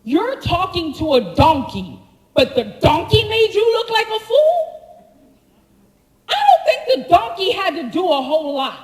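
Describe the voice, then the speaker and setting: A woman preaching a sermon, telling the story with animated slangy asides to the congregation. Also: very high voice, measured pace, roomy sound, big-room sound, low-quality recording. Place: church sanctuary.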